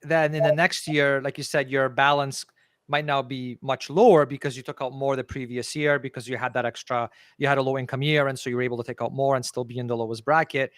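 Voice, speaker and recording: A man's voice: mid-range voice, fairly even intonation, fairly quick, no echo, studio quality. A man from Canada hosting a podcast, posing long, carefully worded questions. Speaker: podcast host. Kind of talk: interview questions.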